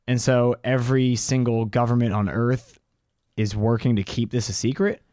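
A man co-hosting a podcast in casual chat, animated and mocking as he quotes people in a raised voice. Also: medium pitch, normal speed, no room sound. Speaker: podcast co-host.

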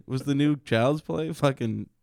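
A man's voice: medium pitch, measured pace, creaky, darkish tone, dry recording, studio quality. A man co-hosting a comedy podcast, chatting casually with crude jokes, laughing often and acting out quoted voices. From Chicago area. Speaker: podcast co-host.

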